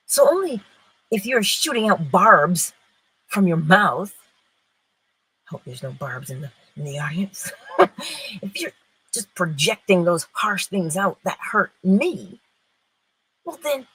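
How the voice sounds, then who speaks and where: A middle-aged woman gives an inspirational spiritual talk in a very breathy, airy voice. Her pitch sits fairly low but swings widely, and she moves between loud phrases and hushed ones. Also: big pitch swings, slow pace, long pauses, low-quality recording. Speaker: spiritual teacher.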